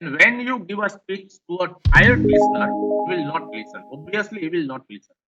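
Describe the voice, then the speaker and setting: A man's voice: high-pitched, animated, fairly quick, dull audio, over loud music. A man with an Indian English accent giving a classroom lecture, explaining points and repeating them. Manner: repetitive, explanatory, rephrases points.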